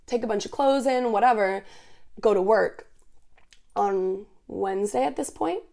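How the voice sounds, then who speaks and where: A woman's voice: medium pitch, a little slow, gravelly. A young woman in her twenties, casually telling a heated story, swearing often and acting out what people said. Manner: swears a lot, heated and animated, quotes people as she tells it. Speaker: podcast host.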